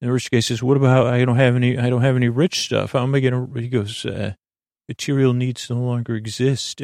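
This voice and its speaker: A man hosting a podcast, giving a halting, rambling recap of an episode with many fillers and restarts, loosely paraphrasing the dialogue. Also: mid-range voice, creaky, darkish tone, dry recording, studio quality. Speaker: podcast host.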